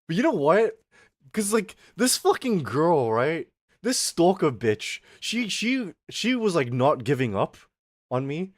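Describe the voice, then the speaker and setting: A young man streaming, animated and casual as he tells a rant, swearing freely and laughing often. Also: on the high side, slow pace, no room sound, studio quality.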